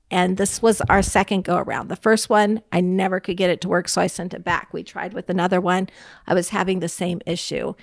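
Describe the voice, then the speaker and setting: A woman's voice: fairly low pitch, creaky, dry recording. A woman co-hosting a podcast, explaining in a thoughtful, careful casual conversation. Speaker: podcast co-host.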